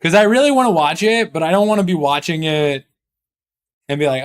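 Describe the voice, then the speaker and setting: A man's voice: high voice, animated, moderate pace. A man chatting casually on a live stream, rambling and joking with his chat, swearing often.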